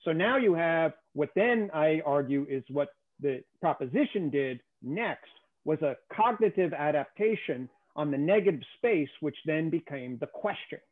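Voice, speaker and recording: A man's voice: fairly high pitch, animated, moderate pace. A man as a guest explaining a theory in conversation, emphatic and often checking in with "okay?". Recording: tinny phone-like call audio.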